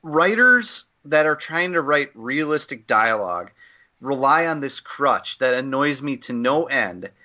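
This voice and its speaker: A man's voice: medium pitch, sing-song, a little slow, bright, forceful tone, dull audio. A man co-hosting a casual podcast discussion, giving an opinionated, rambling critique full of fillers and restarts. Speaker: podcast co-host.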